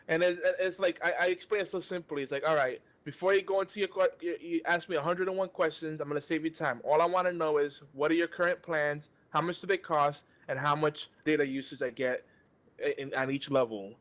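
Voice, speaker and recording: Slightly high-voiced man ranting. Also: fairly even intonation, brisk, a bit bright. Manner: ranting, exasperated, many restarts. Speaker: podcast host. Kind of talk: casual podcast banter.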